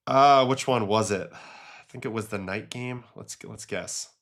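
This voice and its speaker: A man with a somewhat low voice hosts a relaxed livestream. He chats loosely as he reacts to game clips and reads chat questions, mixing stories with quick takes. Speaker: host, former pitcher. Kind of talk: casual livestream commentary.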